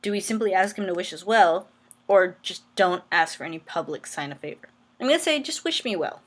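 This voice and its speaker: A woman's voice: lowish voice, animated, fairly quick. A woman reading an interactive story game aloud, breaking off into rambling, self-deprecating asides. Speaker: let's play player.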